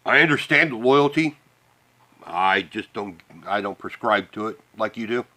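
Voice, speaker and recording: A man's voice: fairly low pitch, expressive, normal speed, pushed and bright. A man from the Midwest, delivering a profane, heated rant to the camera with bitter laughs. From Midwest United States. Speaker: vlogger. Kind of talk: angry ranting monologue.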